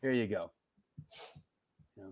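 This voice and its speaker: A man from New York hosting a live show, chatting casually, joking and giving shout-outs to viewers. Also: slow, phone-quality sound. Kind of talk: casual live-stream chat reading viewer comments.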